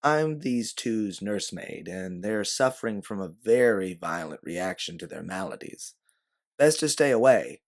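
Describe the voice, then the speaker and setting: A man voicing a brisk, quick-witted woman time-traveler who barks orders and sometimes puts on a syrupy Southern act. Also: lowish voice, lively intonation. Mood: fake-sweet Southern. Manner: commanding, yelling orders.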